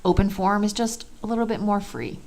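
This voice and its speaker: A woman's voice: mid-range voice, lively intonation, brisk, gravelly, darkish tone. A woman teaching a lecture in an easy, conversational way. She stresses key points, asks the class rhetorical questions, and keeps checking in with "okay" and "all right".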